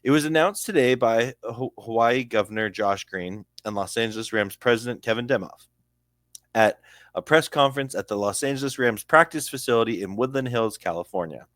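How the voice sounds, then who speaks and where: A man's voice: mid-range voice, a little fast, a bit bright, dry recording, studio quality. A young man with a Canadian accent hosting a casual sports news video, reading an article aloud with chatty asides and stumbling over names.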